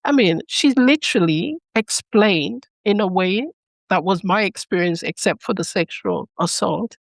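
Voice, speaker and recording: A woman's voice: mid-range voice, a little slow, vocal fry, no echo. A woman from Leone, a podcast guest who tells her personal story earnestly. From Sierra Leone. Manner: earnest storytelling that acts out remembered dialogue.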